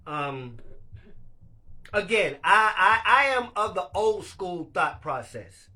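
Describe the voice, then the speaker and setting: A man's voice: high voice, animated, slow, sharp tone. A man hosting a casual live chat, talking candidly and loosely, laughing often and swearing freely. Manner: speaks of being a leader. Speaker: live stream host.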